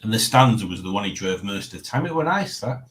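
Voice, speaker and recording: A man's voice: fairly low pitch, big pitch swings, fast, a bit bright, low-quality recording. A man talks casually on a live stream. He reads viewer comments aloud and chuckles often between remarks. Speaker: livestream host.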